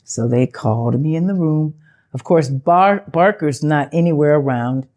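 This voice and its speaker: An older woman, an actress being interviewed, tells her story in a loose, chatty way. She puts on the voices of the people she quotes, and her pitch jumps up when she does. Her usual speaking voice sits a bit low for a woman. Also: moderate pace. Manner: animated, acts out quoted dialogue with big pitch jumps.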